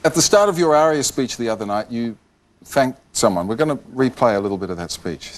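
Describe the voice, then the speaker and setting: A man hosting a TV interview, asking brisk leading questions. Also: medium pitch, expressive, slight background noise. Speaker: host.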